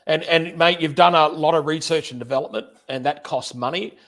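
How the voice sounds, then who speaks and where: A man's voice: on the high side, a little fast, fairly bright tone. Chatty man hosting an interview. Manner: chatty, friendly, repeats words. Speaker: host, interviewer. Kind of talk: casual livestream interview.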